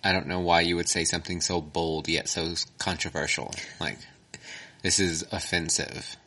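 A man in casual podcast chat, earnest with deadpan jokes. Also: deep voice, normal speed, breathy edge.

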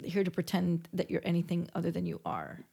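Gravelly-voiced woman podcast host. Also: on the low side, little pitch movement, a little fast, mellow. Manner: enthusiastic, blunt, swears casually. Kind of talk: casual chat.

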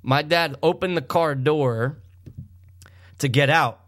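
A man telling a long, profane story in casual chat, animated and rambling. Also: fairly high pitch, slow pace. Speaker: guest storyteller.

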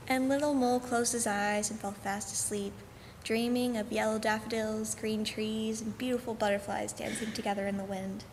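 A woman narrating a children's picture book aloud in a church, clear and expressive. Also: fairly high pitch, normal speed. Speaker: co-reader of a children's story. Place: church sanctuary. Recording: echoey sanctuary, faint hum.

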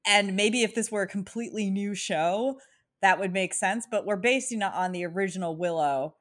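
A woman chatting casually on a podcast, animated and laughing often as she talks. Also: medium pitch, moderate pace. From United States. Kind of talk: casual chat.

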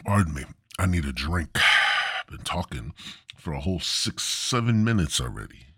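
A man's voice: low-pitched, sing-song, moderate pace, pushed and bright, breathy edge, dry recording, studio quality. A man hosting a podcast, ranting crudely and rambling in a stand-up style. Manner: profane, rambling, swooping delivery. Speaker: podcast host.

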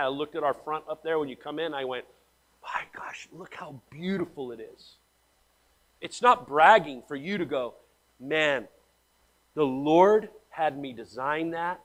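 A male pastor preaching with animated storytelling, dropping to hushed asides and then rising loud for emphasis. His talk is blunt and slangy, full of casual address to the congregation, carried on a somewhat high voice. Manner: blunt, slangy, calls listeners man and guys. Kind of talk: sermon.

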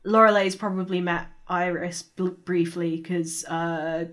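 A woman player in a tabletop game, speaking casually and unhurried. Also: fairly low pitch, fairly even intonation, fairly bright tone.

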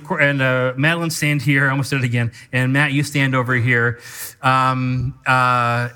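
A man preaching a sermon as pastor, teaching in an animated way and calling people up to act out an example. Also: mid-range voice. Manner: animated teaching with live demonstration.

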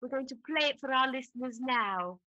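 A woman's voice: high voice, fairly quick, dull audio, background noise, close to an everyday voice. A woman playing a fawning, effusive radio interviewer in a comedy sketch. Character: gushing, flattering female radio interviewer.

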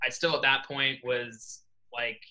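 Guesting on a relaxed podcast, a young assistant swim coach from New York spins an animated story, performing the quoted lines himself. He speaks a little slowly at medium pitch, and the podcast microphone audio is low quality.

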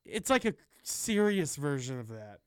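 A man co-hosting a casual podcast, joking around and cutting in with quick remarks and laughter. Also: fairly high pitch, big pitch swings, clear, resonant tone, dry recording, studio quality. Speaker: podcast co-host. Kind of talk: casual chat about video games.

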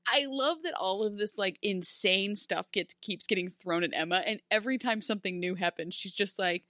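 Woman recapping a show w/ her friend, bright voice, dry close sound, keeps doing silly little character voices. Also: medium pitch, no room sound. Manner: animated, acts out characters in quick mock voices, laughs often. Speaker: podcast co-host. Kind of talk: casual chat recapping a TV show.

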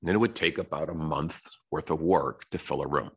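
A man's voice: a bass voice, brisk, husky. A man hosting a podcast, giving a blunt, direct motivational talk about sales and telling stories from his own work. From United States. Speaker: podcast host.

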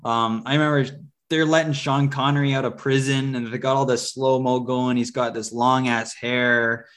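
A man co-hosts a podcast, chatting casually about movies in a medium-pitched, slightly bright voice with flat delivery at a moderate pace. His talk rambles, full of fillers and restarts.

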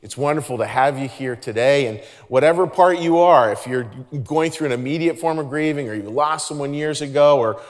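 A male pastor speaks in a middle-pitched voice, giving a sermon. He is earnest and conversational and restarts his sentences often. His voice rings with the long reverb of a large church hall.

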